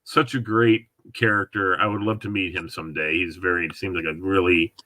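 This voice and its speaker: A man hosting a relaxed conversation, his voice bright and sharp-edged. He rambles in a chatty way and lets sentences trail off. The sound is dry and close, with no room echo. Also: low-pitched, fairly quick. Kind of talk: casual chat.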